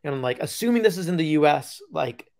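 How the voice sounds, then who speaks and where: Chatty, joking podcast host. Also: male voice, on the high side, animated, fast talker, vocal fry, darkish tone. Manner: joking storyteller, chatty with many fillers. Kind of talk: casual chat.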